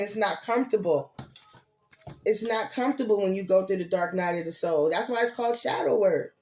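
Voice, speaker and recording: An older woman, giving a casual, animated tarot reading and cheering her listeners on. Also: medium pitch. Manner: animated, preachy encouragement with laughs and slang. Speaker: tarot reader.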